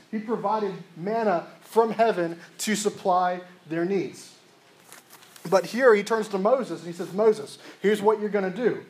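A man's voice: sits high, poor audio. A man preaching an expository sermon, reading verses aloud and then explaining them, often asking a rhetorical question and answering it himself. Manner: reads verses aloud between plain explanation.

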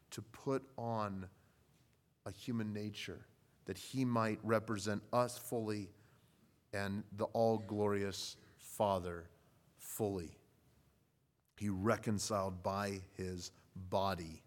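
A man delivers a sermon at an unhurried, deliberate pace with frequent pauses. His voice sits in a middle pitch. He drops soft and low at times, then rises loud and emphatic. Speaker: preacher.

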